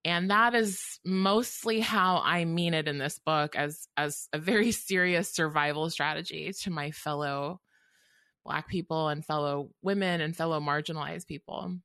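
A woman's voice: low voice, normal speed, a bit bright, smooth, dry recording. A woman author in an interview, speaking thoughtfully and earnestly, with frequent ums and restarts. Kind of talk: reflective interview talk.

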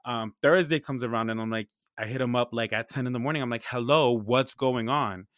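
A young man tells a story in casual, slang-heavy, often profane speech, acting out both sides of each conversation with lively swings. His pitch sits in an ordinary middle range. The sound is dry and close, with no room around it. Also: quick pace, no room sound. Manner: animated, slangy and profane, acts out dialogue.

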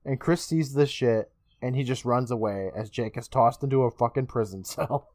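A male podcast co-host recaps a show in a lively storytelling way, laughing often and swearing along the way. His voice sits in a middle pitch and sounds dry and close to the mic. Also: normal speed, dry recording. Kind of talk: casual episode recap.

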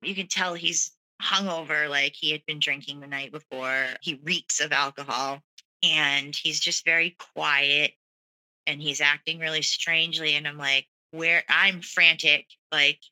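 A woman's voice: sits low, fairly even intonation, a little slow, sharp tone, rough recording. A woman earnestly telling her own story as a guest, with lots of "you know" and "like" fillers. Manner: earnest, many fillers like 'you know' and 'like'. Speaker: guest sharing a personal story. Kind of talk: candid personal storytelling.

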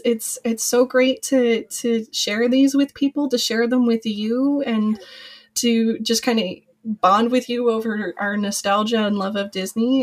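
A young adult woman, a podcast guest and former cast member, talking in a chatty, rambling way with many fillers. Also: fairly high pitch. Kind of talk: casual podcast conversation.

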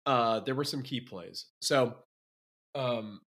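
A man on a sports podcast speaking very slowly, with a bright tone. He hesitates often and mostly agrees with the others. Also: medium pitch. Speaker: podcast co-host. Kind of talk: casual sports chat.

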